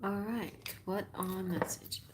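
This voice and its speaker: A woman from Texas with a Texan accent, chatting in a relaxed way and laughing often as she reads tarot on a live stream. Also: mid-range voice, unhurried, background noise. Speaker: tarot reader.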